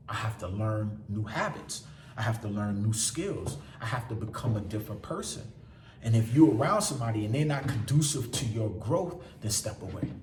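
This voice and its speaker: Man, blunt motivational vlogger, swears freely, lively swooping delivery, echoey and a little far off. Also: mid-range voice, a little hiss or hum. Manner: blunt, profane, animated, acts out quoted people. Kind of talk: casual motivational monologue. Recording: roomy sound from away from the mic.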